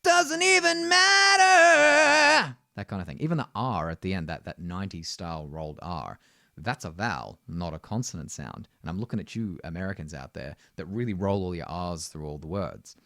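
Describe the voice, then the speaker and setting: A man's voice: low voice, expressive, a little fast, no echo, studio quality. A man teaching singing, explaining technique and often checking in with "right?". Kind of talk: vocal lesson.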